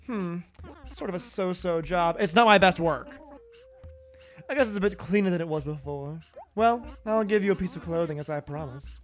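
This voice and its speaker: A man's voice: high-pitched, pitched above the performer's own voice, natural voice. A man putting on a snooty giraffe fashionista. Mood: haughty. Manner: snooty, drawn-out "darling"s, rolled R's. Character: haughty female giraffe fashion designer. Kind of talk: reading game dialogue aloud in a voice.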